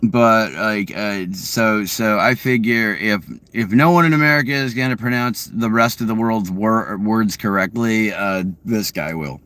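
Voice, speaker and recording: A man's voice: lowish voice, unhurried, few pauses, a bit bright, no echo. A young man with a Boston-area New England accent chats loosely with viewers from his car, rambling with lots of fillers and restarts. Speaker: streamer chatting with viewers. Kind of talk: casual live chat.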